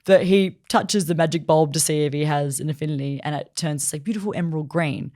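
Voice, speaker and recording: Brief: woman podcast co-host, low voice, lively casual storyteller, fond of "like". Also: fast talker. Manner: animated storytelling, acting out characters' lines with lots of "like". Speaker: podcast co-host reviewing anime. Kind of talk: casual chat.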